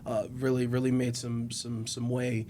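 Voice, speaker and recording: A man's voice: medium pitch, completely flat delivery, moderate pace, mellow, a little hiss or hum. A man hosting an interview, asking questions in a loose, self-aware way. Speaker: interview host. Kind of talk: casual interview.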